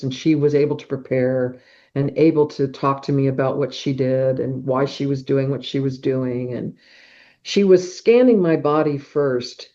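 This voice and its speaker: Middle-aged woman guest, dark mellow tone, lively storyteller who acts out sounds; muffled podcast audio. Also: extremely low pitch. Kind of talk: personal storytelling in an interview.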